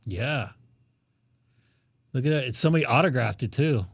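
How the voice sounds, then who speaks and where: A man's voice: mid-range voice, lively intonation, moderate pace, gravelly, husky, dry recording. Man, ham radio stream host, jokey and rambling, dry close sound. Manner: joking, rambling, thinks aloud while browsing. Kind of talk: casual live-stream chat.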